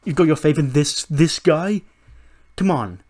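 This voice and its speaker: A man voicing a demanding male wrestler who complains in loud, indignant outbursts. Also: mid-range voice, fairly quick, lightly acted.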